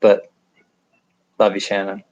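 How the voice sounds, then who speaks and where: A lowish, darkish voice comes through slow and monotone, with the high frequencies cut off. It belongs to a middle-aged man with a nasal upstate New York accent, reading viewer comments on a casual home livestream at night while rambling, joking, and making self-deprecating asides.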